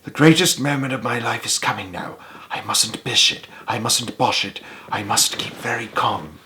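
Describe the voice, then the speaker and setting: A shy, clever old gentleman speaks politely and softly, as a male reader puts him on. His tone is slightly raised and gentle, a children's storybook character. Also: on the high side, big pitch swings, fairly quick, a little hiss or hum, voice pushed up. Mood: whispered. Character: shy, gentle older man, clever and lovestruck.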